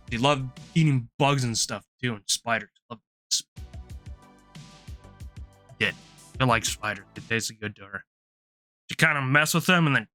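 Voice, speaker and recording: A man's voice: medium pitch, bright, forceful tone. A man streaming live, telling a long rambling story in casual chat, laughing often and restarting his sentences.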